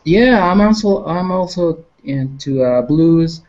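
A man talking as a guest on a casual guitar chat, halting and hesitant, with many fillers. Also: a little high, lively intonation, a little mellow, highs cut off.

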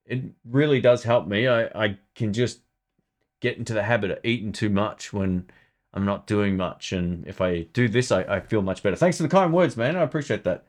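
A man's voice: fairly low pitch, normal speed. A man hosting a casual live stream about guitar gear, chatting loosely and thinking aloud.

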